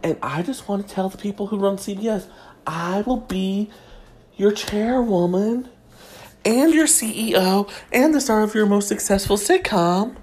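A woman's voice: mid-range voice, unhurried, darkish tone. A woman delivering a sassy, mock-prim comedic gossip monologue as host.

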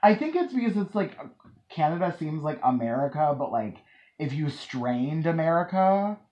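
A woman hosts a podcast with a lively, swinging pitch. She jokes and swears casually in relaxed chat. The sound is dull and lo-fi. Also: normal speed. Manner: animated, joking, swears casually. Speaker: podcast host.

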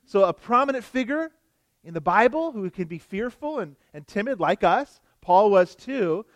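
Earnest high-voiced male pastor preaching. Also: lively intonation, normal speed, no room sound. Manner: earnest, emphatic, with rhetorical questions. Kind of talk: expository sermon.

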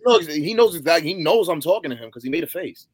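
A man co-hosting a casual sports podcast, emphatic and quick to push back, saying bro a lot. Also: on the high side, expressive, breathy edge, no echo. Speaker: podcast co-host.

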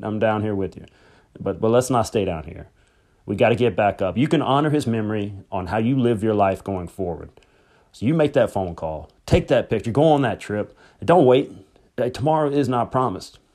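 Grieving man telling family stories. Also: lowish voice. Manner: conversational and rambling, with restarts and soft chuckles. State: grieving but hopeful. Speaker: podcast host. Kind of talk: personal storytelling, memorial tribute.

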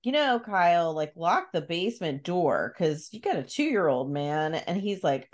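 A woman's voice: lowish voice, unhurried. A woman co-hosting a casual podcast chat, retelling a book's plot with acted-out lines and frequent laughter. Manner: animated storyteller, acts out characters' lines, laughs often. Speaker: podcast co-host recapping a book.

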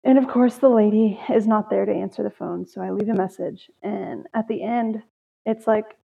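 A woman's voice: medium pitch, moderate pace, gravelly. A young woman hosting a solo podcast, chatting casually and telling stories about her day with sighs and laughs. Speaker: podcast host. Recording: tinny phone-like audio.

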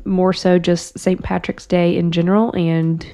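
Lower-voiced woman podcast co-host. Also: little pitch movement, a little slow. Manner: chatty, warm-humored, leads the topic. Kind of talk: casual chat.

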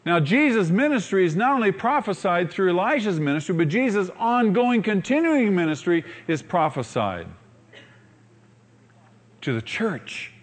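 In a fairly high, sing-song voice at normal speed, a pastor delivers his sermon. He narrates with energy, performs the characters' lines, and keeps pulling the congregation in through rhetorical questions.

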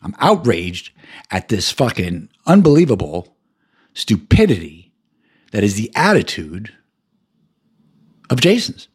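A middle-aged man hosting a podcast, ranting heatedly and profanely, stumbling and repeating himself as he swings between loud outbursts and low mutters. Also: sing-song, slow, pauses often, husky. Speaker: podcast host. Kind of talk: angry personal rant.

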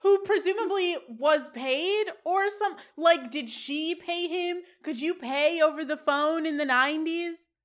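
A woman's voice: extremely high pitch, unhurried, hardly any pauses, fairly bright tone. A woman co-hosting a podcast, casually recapping a sitcom episode and laughing often as she retells scenes. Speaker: podcast co-host.

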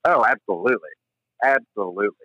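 A man's voice: on the low side, animated, fast, sharp tone, no room sound, dull audio. A laid-back man co-hosting a podcast, chatting crudely about a movie. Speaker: podcast co-host. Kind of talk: casual movie-review chat.

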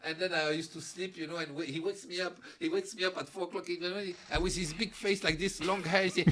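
A middle-aged man, a podcast guest telling animated stories in broken English and laughing often. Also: high voice, fast talker, hardly any pauses. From France. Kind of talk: casual interview chat.

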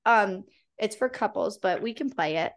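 A woman's voice: mid-range voice, lively intonation, moderate pace. A woman hosting a podcast, chatting casually and telling personal stories with plenty of fillers. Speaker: podcast host. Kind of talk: casual conversational interview.

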